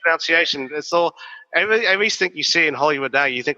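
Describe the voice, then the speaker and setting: A man, co-hosting a podcast and telling stories in a lively, swearing, casual way. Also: fairly high pitch, fast. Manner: animated, profane storytelling. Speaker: podcast co-host. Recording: dull, reverberant recording.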